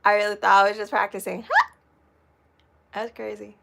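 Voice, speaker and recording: Bright-voiced chatty woman streamer. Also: medium pitch, animated, slow pace, gravelly, long pauses. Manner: rambling, swears casually, laughs often. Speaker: vlogger. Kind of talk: casual live-stream chat.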